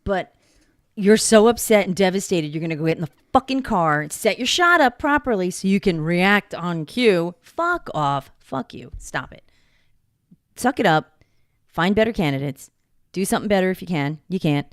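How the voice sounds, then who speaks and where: Woman, podcast co-host, exasperated and profane, lower voice, lively intonation. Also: normal speed, no echo, clean studio sound. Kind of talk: casual chat.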